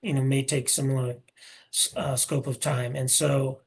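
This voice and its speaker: A man presenting a seminar, answering questions in a hesitant, measured way with many pauses and restarts. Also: mid-range voice, little pitch movement, breathy edge.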